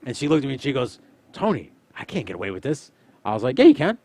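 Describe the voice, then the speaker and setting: A man's voice: medium pitch, expressive, fast talker, a little mellow. A man casually telling a rowdy story, swearing and acting out every line of dialogue.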